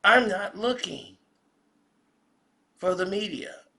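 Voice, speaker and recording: A man mimics a smug, eager guy in a high, exaggerated voice. The delivery is slow and drawn out, with a gravelly fry that stays under the mockery. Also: pushed and bright, heavily acted. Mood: mocking eager.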